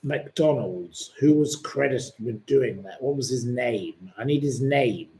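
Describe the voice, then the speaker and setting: A man's voice: mid-range voice, expressive, slow, warm tone. A man hosting a live-stream quiz, chatting in a rambling, opinionated way between questions. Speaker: livestream host.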